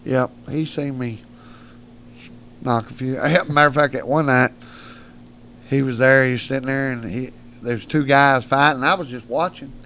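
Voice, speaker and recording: A man's voice: medium pitch, moderate pace, a little hiss or hum. A man, a podcast guest telling wild stories in a studio, laughing often and swearing freely. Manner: animated, laughs often, salty language. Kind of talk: rowdy storytelling.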